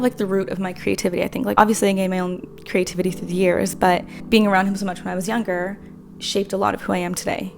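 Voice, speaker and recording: Fast-talking young woman with a gravelly edge. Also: mid-range voice, a little mellow, slight background noise. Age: 20s. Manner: rambling, earnest, full of fillers. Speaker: vlogger. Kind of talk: casual talk to camera.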